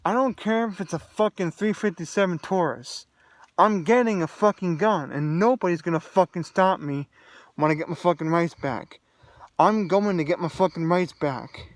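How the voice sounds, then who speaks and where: A young man delivers an agitated, expletive-heavy monologue straight to the viewer. His voice sits fairly high, and the recording is dry with no room echo. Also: moderate pace. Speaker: vlogger. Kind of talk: angry solo rant to camera.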